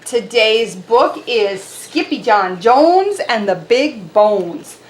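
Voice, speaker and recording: A woman reading a picture book aloud to children as an animated, expressive storyteller. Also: a little high, slow, few pauses, echoey room, slight background noise.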